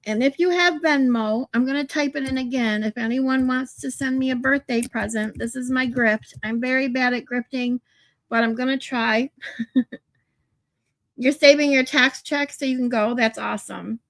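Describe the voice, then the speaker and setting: A woman's voice: sits high, steady tone, normal speed, dry recording. A woman hosting a casual livestream, talking to her chat in a chatty way and laughing easily. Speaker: livestream host.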